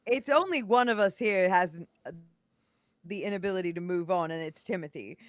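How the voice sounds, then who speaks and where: A woman's voice: on the low side, fairly quick, no echo. A woman player in a tabletop game, speaking in character with a dry, wry delivery.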